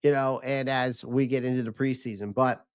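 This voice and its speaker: Male streamer, casual rambling commentary, slightly strained voice, smooth and clear tone. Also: mid-range voice, fairly even intonation, moderate pace. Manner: loose, rambling, with many restarts and fillers. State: losing his voice. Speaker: livestream host.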